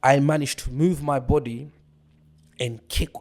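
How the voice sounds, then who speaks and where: A man in casual conversation, retelling a dramatic story in an animated way. He quotes other people's words as he goes and breaks into laughter often. His voice sits at an ordinary middle pitch for a man. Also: unhurried.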